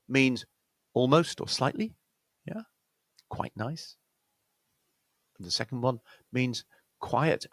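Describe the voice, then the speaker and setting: A man's voice: mid-range voice, creaky, slightly rough, no room sound. A man with a British accent giving a pronunciation lesson as an accent coach, explaining step by step and often checking in with "yeah?".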